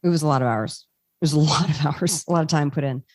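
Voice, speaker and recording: A woman's voice: low-pitched, fast, dry recording. A woman actress and voice actor, talking as a podcast guest and telling stories with energy and frequent laughter. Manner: animated storyteller, laughs often. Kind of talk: casual interview chat.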